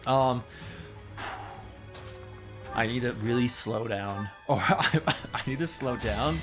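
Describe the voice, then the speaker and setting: A man casually commentating his gameplay, excitable and rambling, repeating himself and laughing often. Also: mid-range voice, takes it slowly, pauses often, music in the background. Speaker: streamer.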